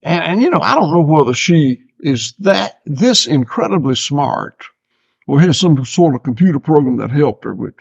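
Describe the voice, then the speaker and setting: Older man, gravelly, dry humor. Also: on the high side, expressive, moderate pace, no room sound. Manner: laid-back, dry self-mocking humor. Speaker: farmer guest. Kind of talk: casual interview chat. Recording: slightly dull lo-fi sound.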